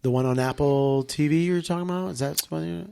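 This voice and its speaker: A man's voice: fairly high pitch, fairly quick, gravelly, warm tone, smooth. A man as a podcast guest, chatting enthusiastically, rambling and swearing heavily. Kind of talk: casual podcast chat.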